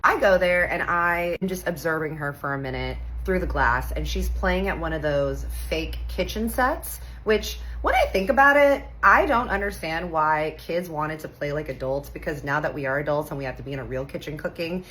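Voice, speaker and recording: A woman in her thirties from Texas, telling a funny personal story in a casual, animated way, acting out the voices and swearing playfully. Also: sits low, normal speed, hardly any pauses, low-quality recording. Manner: animated, acts out quoted voices, playful cursing.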